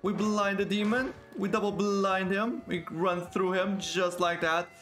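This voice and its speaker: A man on the higher side of male voices, calling out live gameplay with excited, exclamatory energy. He fires off repeated words in quick bursts as the action unfolds, with faint music playing behind him. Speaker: gaming video creator.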